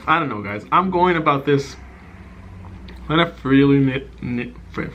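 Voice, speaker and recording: A man's voice: medium pitch, animated, moderate pace, long pauses, muffled recording. A man chatting casually while eating in his apartment, candid and loose, trailing off between bites. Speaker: ASMR and vlog creator. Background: faint outside noise of passing cars.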